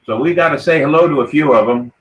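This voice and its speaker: This podcast host has a fairly bright, high-leaning voice and talks fast in an echoey room on a rough recording. Playing the ship's captain on a live pirate-themed show, he's hearty and playful, raising toasts and rallying the crew.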